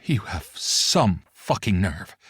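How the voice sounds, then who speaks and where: A man's voice: sits low, sing-song, slow, fairly bright tone, husky, no echo, clean studio sound, heavily acted. A male audiobook narrator voicing a furious, betrayed young man who snarls and screams. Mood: bitter.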